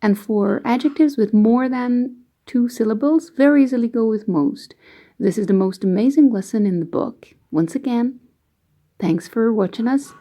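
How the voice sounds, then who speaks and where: A woman explaining English grammar rules slowly and patiently, giving example sentences as an online teacher. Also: a little high, dark tone. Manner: slow, careful, patient explaining.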